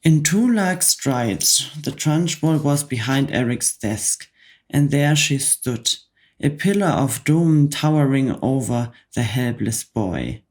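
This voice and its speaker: A woman reading a children's book aloud as a calm whispered role-play for bedtime. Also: a bass voice. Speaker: ASMR book reader.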